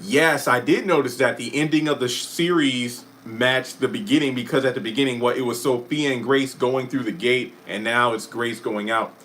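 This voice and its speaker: A man hosting a casual live stream who chats about a TV finale, answers viewer comments, and often breaks off with quick asides and apologies. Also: mid-range voice, steady tone, fairly bright tone. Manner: chatty, self-interrupting, apologetic asides. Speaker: YouTube live stream host.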